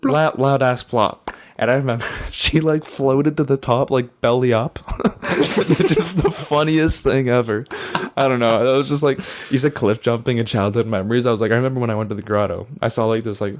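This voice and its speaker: A man's voice: mid-range voice, fairly even intonation, fast talker, hardly any pauses. Young man telling a story, laughing. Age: young adult. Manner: storytelling, laughs often, swears freely. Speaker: podcast co-host. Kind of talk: casual chat.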